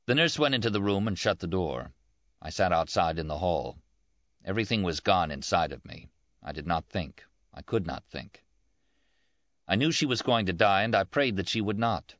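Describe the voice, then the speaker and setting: A man with a very deep voice reading a first-person novel in a plain, measured way. The recording is dry with no room sound, and slightly dull and lo-fi. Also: expressive, fairly bright tone, dry recording. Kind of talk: audiobook narration.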